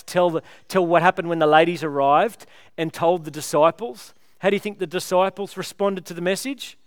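A man's voice: fairly high pitch, clear, resonant tone, no room sound, clean studio sound. A man preaching a sermon, retelling a story with rhetorical questions in a conversational way.

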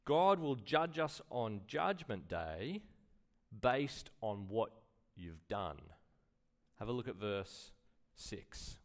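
A man's voice: fairly low pitch, big pitch swings, slow. A man preaching a sermon in a conversational way, full of rhetorical questions and acted-out quotes. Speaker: pastor.

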